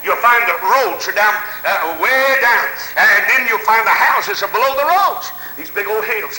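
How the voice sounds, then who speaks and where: A man from South Carolina telling a folksy story in a sermon, shouting hallelujahs as he preaches. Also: high voice, reverberant, a little hiss or hum, poor audio. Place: church.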